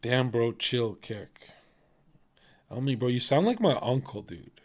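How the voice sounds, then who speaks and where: A male streamer at a middle pitch, talking straight into his mic. He argues with his chat, swears freely and laughs between jabs in a loose, combative rant. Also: lively intonation, measured pace. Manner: profane, combative, laughs often. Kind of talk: casual livestream rant.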